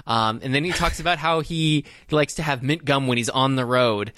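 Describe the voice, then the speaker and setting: Bright-voiced man chatting about a film. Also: medium pitch, normal speed, no echo, clean studio sound. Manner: rambling, many fillers and restarts. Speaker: podcast co-host. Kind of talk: casual movie discussion.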